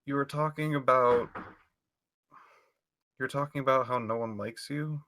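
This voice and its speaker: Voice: medium pitch, slow pace, fairly bright tone. A player in a tabletop game speaking hesitantly, stumbling and restarting. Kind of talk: playing a character in a tabletop game.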